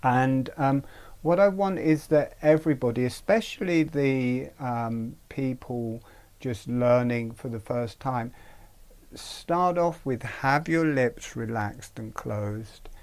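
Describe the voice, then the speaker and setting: A man teaching a breathing practice in an online webinar, speaking gently and haltingly, with frequent pauses. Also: medium pitch. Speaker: meditation teacher.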